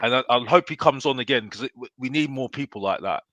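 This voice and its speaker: A man talking casually about football, animated and constantly tacking on "yeah?". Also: medium pitch, fast talker, no echo. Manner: animated, keeps adding "yeah?". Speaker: football podcast guest. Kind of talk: casual chat.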